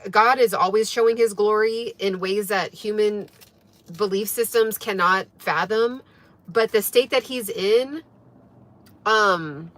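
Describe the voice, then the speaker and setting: A woman's voice: a little high, bright, forceful tone, dry recording. Earnest woman, dry close sound. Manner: earnest, emphatic, filler-heavy, often asks "right?". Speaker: wellness channel host. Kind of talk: casual livestream talk to viewers.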